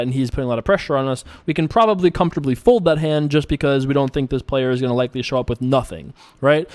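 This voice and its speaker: A young man hosting a poker show, talking casually and joking as he plays online. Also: mid-range voice. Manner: chatty, joking, self-mocking. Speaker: poker player and show host. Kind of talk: casual commentary while playing online poker.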